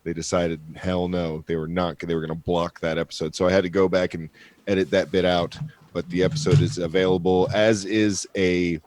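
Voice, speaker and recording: A man's voice: deep voice, flat delivery, fairly quick, a little mellow, slight background noise. A man hosting a podcast in casual chat, rambling with lots of fillers and casual swearing. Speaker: podcast host.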